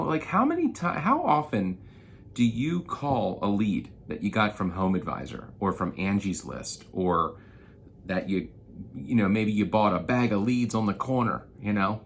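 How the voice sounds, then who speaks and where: A man talking casually and with frustration to roofing contractors, telling a story and venting as a marketing consultant. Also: on the low side. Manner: animated, frustrated storytelling with profanity. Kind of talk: casual vlog rant.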